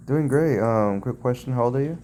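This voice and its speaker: A man hosting a live podcast, speaking briskly and casually to callers. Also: mid-range voice, warm tone, a little hiss or hum. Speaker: podcast host.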